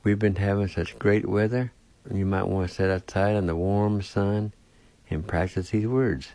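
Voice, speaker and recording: A man hosting a radio language lesson, spelling out words and pronouncing them with slow, deliberate care. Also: on the low side, fairly even intonation, dark tone, no room sound. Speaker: language teacher and radio host.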